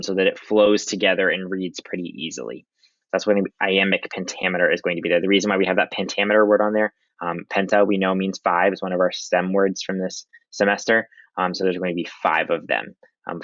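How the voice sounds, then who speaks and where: A young adult man, a high school English teacher, giving a casual recorded slideshow lecture with many ums. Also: a bit bright, no room sound. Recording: dry, dull lo-fi audio.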